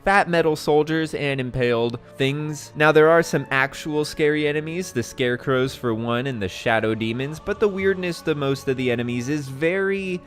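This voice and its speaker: A man's voice: fairly high pitch, normal speed, hardly any pauses, faint music behind. Enthusiastic young man reviewing a game. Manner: enthusiastic, conversational. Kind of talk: video game retrospective narration.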